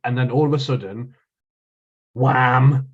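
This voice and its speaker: A man's voice: mid-range voice, slow, slightly rough. Rambling man, dull lo-fi sound. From North East England. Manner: rambling, restarts often. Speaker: podcast co-host. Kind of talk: casual chat.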